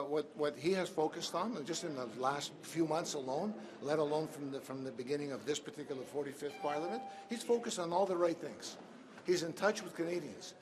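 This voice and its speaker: A male politician answering reporters in a press scrum, emphatic and repeating "okay?" to press his points. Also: fairly high pitch. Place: busy hallway. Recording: noisy crowd around.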